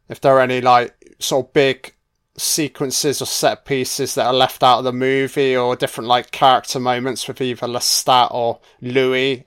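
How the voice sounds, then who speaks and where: A man's voice: mid-range voice, fairly bright tone, clear, resonant tone. A man giving a casual, crude audio commentary while watching a film. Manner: crude, chatty, sweary.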